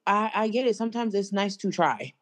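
A young woman co-hosting a casual chat, talking in an animated, slangy and blunt way. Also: mid-range voice, a little fast. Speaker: co-host.

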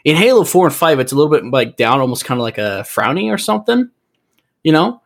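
A man's voice: on the high side, big pitch swings, fast talker, vocal fry. A man co-hosting a casual gaming podcast, talking in an easygoing, joking way. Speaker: podcast co-host. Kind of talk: casual chat.

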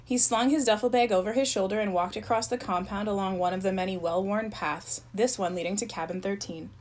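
A woman narrating a novel aloud at a medium pitch. Her storytelling is steady and even, a plain read-aloud voice carrying the scene along. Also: brisk, slight background noise, rough recording. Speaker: reader.

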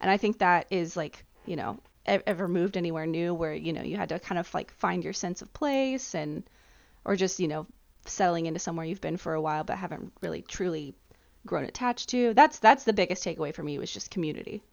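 Woman with a low creaky voice, thoughtful, kinda muffled lo-fi mic. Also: a little fast. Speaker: podcast panelist. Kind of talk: casual group chat. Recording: dull lo-fi mic.

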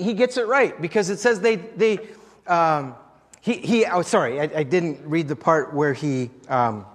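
A man's voice: sits high, long reverb tail. A male pastor preaching a sermon in a conversational, storytelling way, often chuckling.

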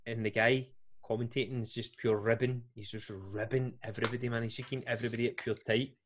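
A man's voice: medium pitch, little pitch movement, quick pace. Scottish man telling a rambling story. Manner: rambling, self-mocking, laughing through anecdotes. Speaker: podcast co-host. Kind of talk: casual storytelling chat.

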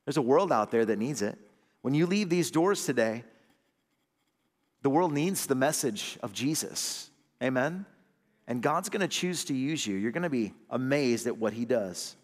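A man's voice: lively intonation, moderate pace. Emphatic man preaching in a reverberant hall. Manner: preacher's call-and-response, asking amen; swings between loud emphatic lines and low hushed ones. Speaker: associate pastor. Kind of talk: sermon.

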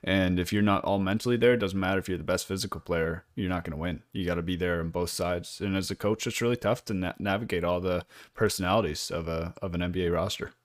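Blunt, animated man on a sports podcast. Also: deep voice, fast talker. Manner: blunt, animated, laughs often. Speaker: podcast co-host. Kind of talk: casual sports podcast chat.

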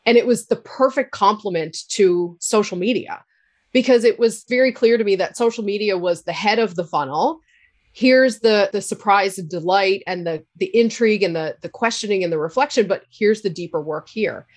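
A woman with a Cape Breton accent, a podcaster talking candidly as an interview guest, with a loud laugh. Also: medium pitch, normal speed. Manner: candid, laughs loudly, swears freely. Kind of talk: casual interview talk.

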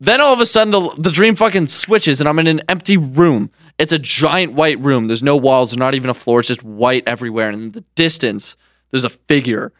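A man in casual chat, telling a dream story in an animated way, laughing often and swearing, with lots of "like". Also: mid-range voice, fairly quick, no echo, clean studio sound.

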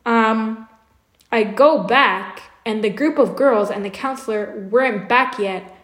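Young woman rambling through a story on a podcast, kinda high voice, echoey room. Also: takes it slowly, fairly bright tone. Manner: rambling storyteller, heavy on filler words. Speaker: podcast co-host. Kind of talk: casual chat.

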